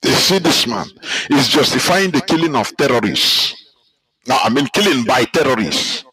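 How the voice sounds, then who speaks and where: A man with a Nigerian accent giving heated political commentary, emphatic and repetitive, his pitch climbing as he presses his points. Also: very animated, moderate pace, bright, forceful tone, poor audio. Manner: angry, emphatic, repeats himself, rises in pitch. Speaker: commentator reacting to a clip.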